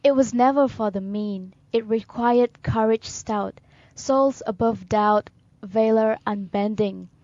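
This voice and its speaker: Woman reading poetry, solemn and measured. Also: a little high, a little mellow, no room sound, lo-fi sound. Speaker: radio show co-host. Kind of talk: poetry reading on a talk show.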